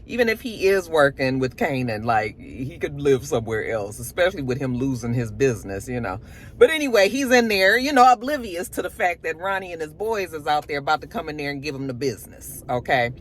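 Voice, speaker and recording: A woman vlogger reviewing a TV episode in casual, chatty talk, animated and laughing often, recorded in a home studio. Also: low voice, brisk, a little hiss or hum. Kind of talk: casual chat.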